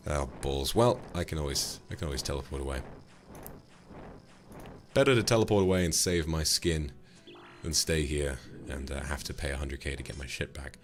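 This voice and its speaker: A man with a British accent doing live gaming commentary, joking, profane and animated. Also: extremely low pitch, moderate pace, a little hiss or hum. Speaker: streamer.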